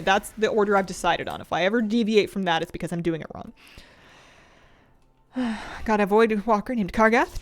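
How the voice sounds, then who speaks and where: Playful woman chatting while gaming. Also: mid-range voice. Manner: rambling and playful, laughs often, answers chat. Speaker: game streamer. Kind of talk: casual live-stream gameplay chat.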